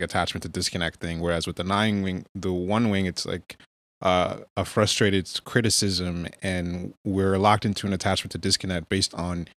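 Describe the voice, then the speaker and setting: Deep-voiced man explaining calmly. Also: dry recording. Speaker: podcast co-host. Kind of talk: casual group chat.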